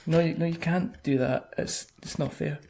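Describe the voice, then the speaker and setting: Teasing, giggly host. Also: male voice, fairly high pitch, fairly even intonation, moderate pace, creaky, darkish tone. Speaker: podcast host. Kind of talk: casual podcast interview.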